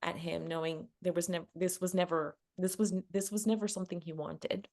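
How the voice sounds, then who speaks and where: A woman love coach telling a personal story in a relaxed conversation, laughing often and acting out what people said. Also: lowish voice, moderate pace. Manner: animated, laughs often, acts out quotes.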